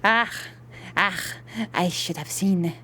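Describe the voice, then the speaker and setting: Woman streamer talking through a game, chatty and animated. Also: fairly low pitch, slow, slight background noise. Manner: animated, chatty, swears and laughs often. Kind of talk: live game stream chat.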